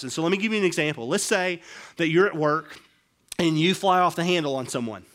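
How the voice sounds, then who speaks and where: This middle-aged man preaches with expression and a fairly quick pace, dropping into quiet, low asides before rising into emphatic, raised stretches.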